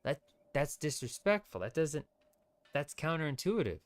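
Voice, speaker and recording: A man's voice: on the high side, sing-song, normal speed. A man streaming gameplay, ranting with strong opinions in loose, rambling commentary. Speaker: VTuber streamer.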